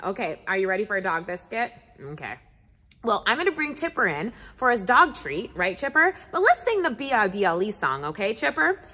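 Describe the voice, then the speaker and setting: A woman's voice: medium pitch, a little fast, long reverb tail. A woman teaching a children's Bible lesson, talking animatedly to a pet dog and to the children. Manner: animated, talks to an unseen puppet dog. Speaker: preschool teacher.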